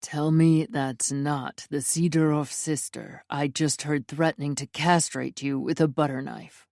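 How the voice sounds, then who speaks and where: A woman's voice: low voice, fairly even intonation, unhurried, vocal fry, a little mellow, dry recording, studio quality, pitched below the performer's own voice. A woman voicing a dangerous, commanding mafia man who growls and demands answers. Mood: stern.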